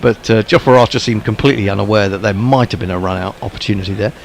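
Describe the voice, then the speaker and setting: A man's voice: on the low side, fast talker, creaky, a little hiss or hum. A man calling ball-by-ball cricket commentary in a wry, rambling way, full of ums and asides.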